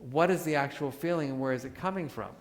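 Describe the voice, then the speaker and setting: Lively man speaking in a hall. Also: on the high side, fast. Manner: animated, joking, acts out examples. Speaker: workshop speaker. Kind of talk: live talk to an audience. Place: large hall with audience. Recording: hall reverb.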